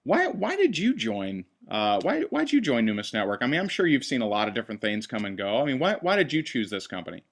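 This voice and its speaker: A man hosting a sales presentation on a call, talking in an upbeat, enthusiastic pitching manner. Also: wildly swooping pitch, fast, hardly any pauses. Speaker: host.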